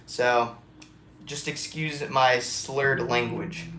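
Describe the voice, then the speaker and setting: A young man talks in a casual fan vlog, rambling and excitable, full of ums and uhs. His voice sits a touch high and sounds a little stuffy from allergies. The room around him rings with echo. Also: moderate pace, slight background noise. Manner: rambling, excitable, with many fillers. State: congested, with allergies and swollen mouth. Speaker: wrestling fan vlogger.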